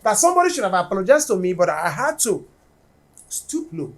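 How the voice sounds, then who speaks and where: A woman's voice: medium pitch, very animated, a little fast. A woman, telling a personal story in a casual podcast chat.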